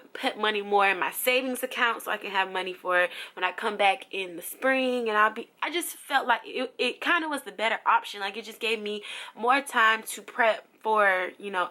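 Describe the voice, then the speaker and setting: Bright and pushed, this young adult vlogger's medium-pitched voice carries an emotional personal update. She's from New Jersey and talks in a chatty, casual way, leaning heavily on fillers.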